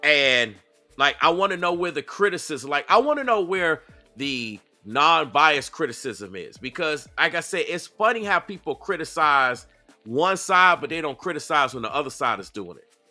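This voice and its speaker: A man hosting a casual commentary stream, reacting to video clips and talking to his chat in a repetitive, animated way. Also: a little high, moderate pace, soft background music. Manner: animated, repetitive, asks the audience.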